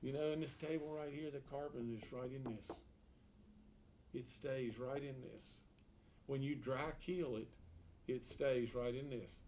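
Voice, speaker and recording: A man's voice: medium pitch, normal speed, creaky, a little mellow. A man, a political candidate answering an editorial board in a folksy, emphatic way, repeating words and asking rhetorical questions. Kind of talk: unscripted interview answer. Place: meeting room around a table.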